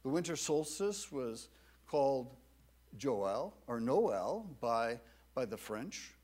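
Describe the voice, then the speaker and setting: A man preaching a sermon to his church in a measured, deliberate way. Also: mid-range voice. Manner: slow, measured preaching with lively rises and falls. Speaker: pastor.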